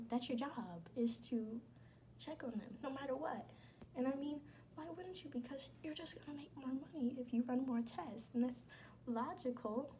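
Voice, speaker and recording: A woman's voice: a little high, warm tone, a little hiss or hum. A young woman talking casually and bluntly to her viewers, slangy and emphatic. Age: young adult. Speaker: vlogger. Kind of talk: casual chat.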